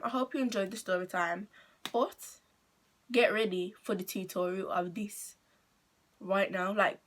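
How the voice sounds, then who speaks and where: A woman's voice: mid-range voice, steady tone, a little slow, long pauses. A teenage girl with an English accent telling a casual storytime on her channel, rambling and full of fillers. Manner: chatty, rambling, full of "like" and restarts. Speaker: vlogger.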